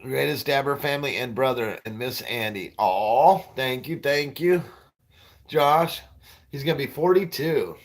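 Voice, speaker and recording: A man in his forties riffs loosely through off-color jokes and banter with his viewers, in a middle-pitched voice. He rambles from one line to the next and breaks into laughter at his own punchlines. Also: measured pace. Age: 40s. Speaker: livestream host. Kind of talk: crude stand-up style banter with viewers.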